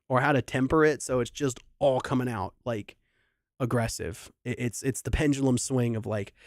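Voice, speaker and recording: A man's voice: medium pitch, darkish tone, dry recording, studio quality. A young adult man, a singer hosting a livestream concert, chatting casually and rambling through a sentimental story with many restarts.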